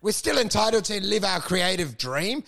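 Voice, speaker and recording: A man's voice: high voice, big pitch swings, moderate pace, creaky, bright, forceful tone. A man riffing as a podcast co-host, rambling and self-mocking with plenty of swearing. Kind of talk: casual comedic podcast chat.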